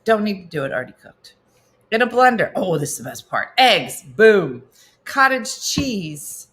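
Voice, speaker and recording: A woman's voice: medium pitch, very animated, a little slow, fairly bright tone. A middle-aged woman comedian hosting a casual morning cooking show, chatting wryly while she cooks and answering viewers' comments aloud. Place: home kitchen.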